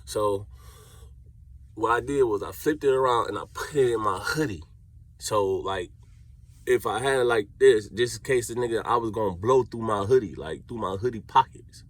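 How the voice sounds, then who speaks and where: A man's voice: on the low side, moderate pace. A young man with a Cleveland accent telling a story in casual street slang, acting out what people said. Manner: animated street slang storytelling, acts out quotes.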